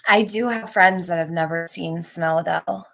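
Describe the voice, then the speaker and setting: A woman's voice: fairly low pitch, unhurried, gravelly, fairly bright tone. A woman hosting a live stream, chatting casually with viewers and reading out their comments, laughing often.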